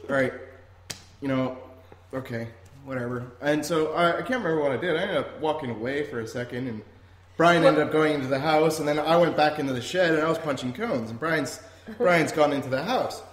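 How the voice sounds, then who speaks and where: A man's voice: a little high, fast talker. A man hosting a podcast, telling a story in a rambling, casual way, laughing often and swearing freely. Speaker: podcast host. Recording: roomy echo.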